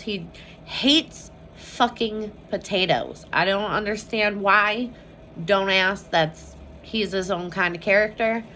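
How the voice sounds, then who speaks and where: A woman's voice: mid-range voice, sharp tone, slight background noise. A woman talking candidly at home in a casual vlog, speaking openly about her children, peppering her talk with "like" and casual swearing. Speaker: mother vlogging about her family. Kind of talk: casual personal vlog chat.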